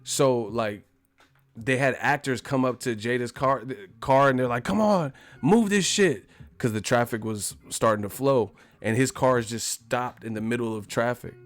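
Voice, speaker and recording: A man's voice: medium pitch, steady tone, moderate pace, soft background music. Laid-back slangy male streamer. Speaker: livestream host. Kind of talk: casual chat.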